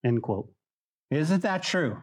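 A man preaching a sermon to a congregation, animated and conversational, acting out the voices he quotes. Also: a little high, takes it slowly. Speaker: pastor. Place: church hall.

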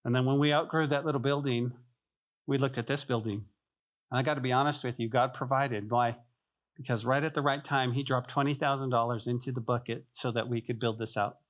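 A man's voice: medium pitch, brisk. A man pastor preaching a sermon, telling stories and acting out voices, often repeating himself. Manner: animated storytelling, acts out voices, repeats phrases. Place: church sanctuary.

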